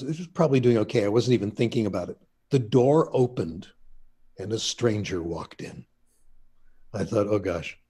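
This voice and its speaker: An older man telling stories in an easygoing interview. His voice is mellow and a little husky. He wanders through anecdotes with asides. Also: lowish voice. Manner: chatty anecdotal storyteller, laughs at himself. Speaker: interview guest, linguist. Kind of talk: casual storytelling.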